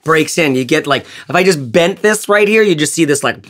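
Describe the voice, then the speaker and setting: A man talking casually in a review vlog, rambling and animated, with lots of fillers and jokes. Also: fairly high pitch, normal speed. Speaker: bag reviewer.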